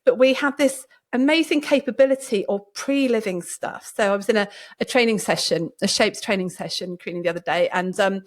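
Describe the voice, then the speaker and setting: A woman hosting a podcast, talking casually and telling stories in a lively way with many restarts. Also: mid-range voice, fairly quick. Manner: lively storytelling with frequent restarts. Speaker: podcast host and doctor. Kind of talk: casual conversation.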